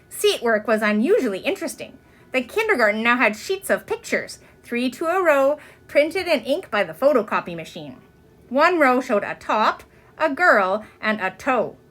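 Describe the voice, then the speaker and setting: A woman reading a children's chapter book aloud, expressive from line to line. Her voice sits a little high and moves up and down with lively melody. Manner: expressive, with many pitch swings. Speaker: reader.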